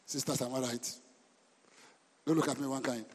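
A middle-aged man, a senior pastor preaching an animated sermon who repeats words and asks the congregation questions. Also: medium pitch, moderate pace, a little hiss or hum. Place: church hall. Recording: reverberant church hall.

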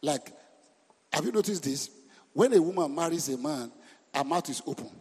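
A man preaches to his congregation in a fairly high, husky voice, stopping often to ask them questions. He sounds middle-aged and speaks as a senior pastor. The recording carries the long reverb of a church hall. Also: normal speed. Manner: animated preaching, repeats words, asks the congregation questions. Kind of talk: sermon.

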